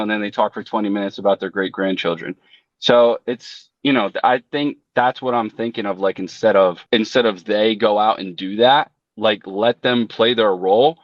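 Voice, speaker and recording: A man's voice: fairly low pitch, moderate pace, no room sound, highs cut off. A man who runs a lawn care business, talking casually and thinking aloud while he acts out customers. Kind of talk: casual chat.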